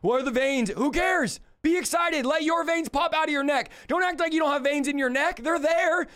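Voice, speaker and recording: A man with a strikingly high voice preaching on a live stream. He swings between fired-up shouting and quieter rhetorical questions, like a revival preacher. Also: moderate pace.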